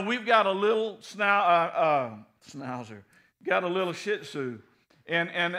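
A middle-aged man preaching a sermon in a folksy, animated way, swinging from loud bursts to soft, low passages. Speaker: pastor.

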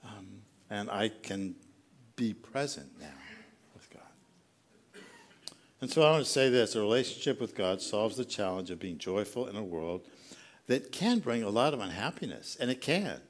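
Middle-aged male pastor, sermon delivery, chatty and self-deprecating, slightly low voice. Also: animated, moderate pace. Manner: conversational and self-deprecating, often asks the congregation questions.

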